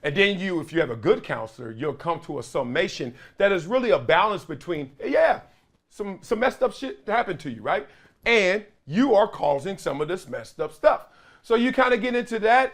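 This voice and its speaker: A middle-aged man hosting his own show, giving earnest, casual commentary that swings from loud emphasis to quiet reflection. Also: a little high, expressive, normal speed. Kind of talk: casual solo commentary to camera.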